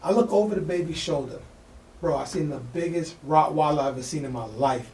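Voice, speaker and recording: A man co-hosting a podcast, telling a story in a fast, slangy, animated way and acting out the voices of people in it. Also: fairly high pitch, a little hiss or hum. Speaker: podcast co-host. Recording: echoey room, mic at a distance.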